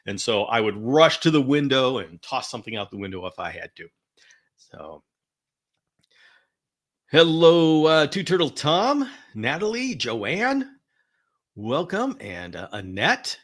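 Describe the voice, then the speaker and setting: A man's voice: medium pitch, sing-song, measured pace, long pauses, a bit bright. A man hosting a live-streamed educational talk, chatty and upbeat, with lots of fillers and restarts. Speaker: host.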